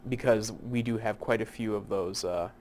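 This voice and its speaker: A man teaching poetic meter in an unscripted lecture, with many fillers and restarts, slowing down to spell out terms. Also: fairly low pitch, a little mellow, slight background noise. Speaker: literature instructor. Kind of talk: recorded lecture.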